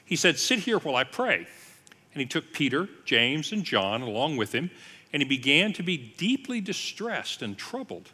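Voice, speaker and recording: A man's voice: a little high, sing-song, moderate pace, sharp tone, breathy edge, long reverb tail. A man, a pastor, teaching a Bible passage in a sermon style, telling the story with casual asides and voicing the quoted lines.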